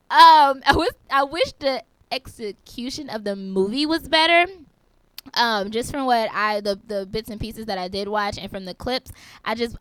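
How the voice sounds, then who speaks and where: A woman's voice: mid-range voice, fairly bright tone, clear, resonant tone, dry recording. A woman co-hosting a podcast in casual chat, talking through her thoughts and repeating herself as she goes. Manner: chatty, repeats herself while thinking aloud. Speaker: podcast co-host.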